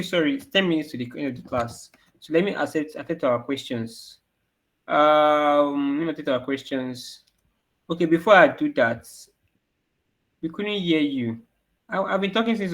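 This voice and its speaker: A man's voice: on the high side, fairly bright tone. A man teaching an online coding class to children, asking questions and answering them himself. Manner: repeats questions for the kids to answer. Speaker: programming teacher.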